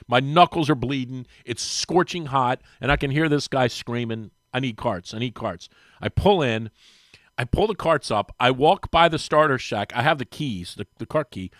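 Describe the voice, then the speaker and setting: A man, a regular guest on a sports radio show, telling a long animated story and acting out the voices of the people in it. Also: no room sound, clean studio sound. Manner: lively storyteller, acts out quoted voices with big pitch jumps. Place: radio studio. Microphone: studio microphone.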